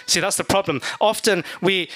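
A man's voice: sits high, moderate pace, fairly bright tone. A man preaching a sermon as pastor, in a conversational way with humorous asides, acting out the people in his stories. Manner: acts out voices in his stories.

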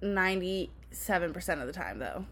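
A woman's voice: lowish voice, expressive, normal speed, creaky, fairly bright tone, husky. A young adult woman co-hosting a podcast, bantering casually and giggling at herself. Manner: giggly, self-mocking banter. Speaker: podcast co-host. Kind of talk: casual chat.

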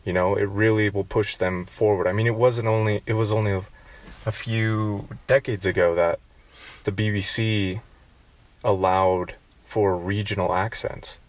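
A man's voice: on the low side, fairly even intonation, measured pace, dry recording. A man with a general American accent hosting a casual interview, asking leading questions and steering the talk. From United States. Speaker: podcast host.

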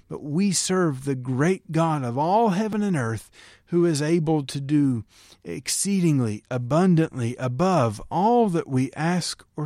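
A pastor preaching a sermon in an earnest, encouraging way, sometimes acting out pleading prayers. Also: male voice, on the high side, a little mellow, no echo, studio quality.

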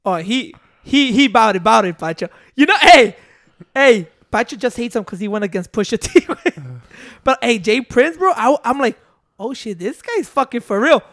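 A man's voice: very high voice, expressive, normal speed, fairly bright tone. Man, podcast co-host, casual banter, cussing, Spanish slang, laughs often. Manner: swears freely, drops Spanish slang, laughs between lines.

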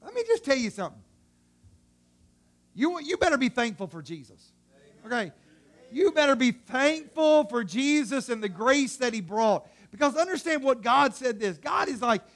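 A man preaching a sermon in a very high, bright-sounding voice. He talks in a loose, colloquial way and acts out what God says. His delivery swings from loud outbursts to soft, hushed passages. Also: fairly quick. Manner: dramatic and animated, swinging from shouts to hushed tones.

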